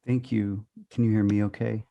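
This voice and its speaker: Deep-voiced man reading his memoir. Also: flat delivery, creaky, dark tone, lo-fi sound. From North Carolina. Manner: hesitant with fillers before reading, then measured storytelling. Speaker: screenwriter and writing faculty.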